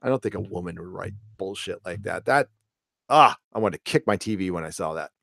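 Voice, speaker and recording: A man's voice: low voice, lively intonation, brisk, vocal fry, fairly bright tone, no room sound, clean studio sound. A middle-aged man hosting a casual live show, talking in a rambling, blunt way and swearing freely. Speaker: host.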